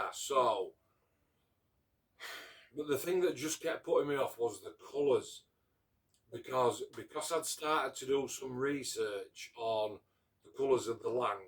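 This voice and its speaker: A man with a Barnsley Yorkshire accent chatting casually about building scale models, rambling along with frequent restarts and broad local grammar. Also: mid-range voice. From England. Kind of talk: casual chat.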